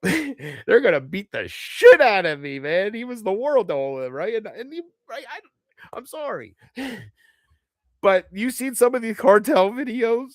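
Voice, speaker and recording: Rambling, swearing man with a lively voice. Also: high voice, unhurried, no room sound, clean studio sound. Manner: rambling, profane, self-deprecating, laughs often. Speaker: livestream host. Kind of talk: rambling live chat.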